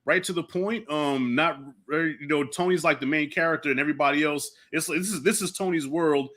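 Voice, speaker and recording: A man's voice: a little high, brisk, a bit bright. A male host chatting casually about a film, laid-back and peppering his points with "you know what I'm saying". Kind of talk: casual film review chat.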